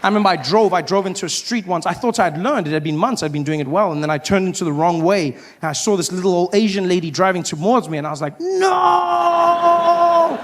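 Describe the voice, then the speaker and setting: A man from doing stand-up comedy, telling stories in an animated way and acting out scenes with loud outbursts. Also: high-pitched, fast talker, hardly any pauses. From South Africa.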